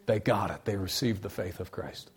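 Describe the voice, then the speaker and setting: A man preaching a sermon, swinging between hushed, quiet stretches and loud, emphatic bursts, repeating key phrases for emphasis. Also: fairly low pitch, moderate pace.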